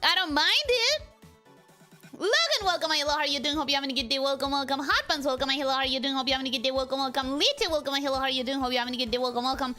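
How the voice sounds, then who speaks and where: A woman streamer chatting casually with her viewers, bubbly and quick to laugh, rambling and self-deprecating as she greets everyone. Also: high voice, bright, forceful tone, faint music behind. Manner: bubbly, greets viewers in a repeated welcome routine. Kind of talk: casual livestream chat.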